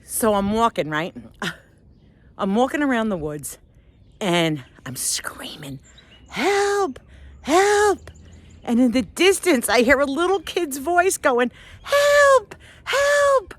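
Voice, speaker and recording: Woman vlogger, middle-aged, slightly high and very expressive, self-mocking storyteller on a walk. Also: a little slow, no room sound. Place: outdoors on a walk.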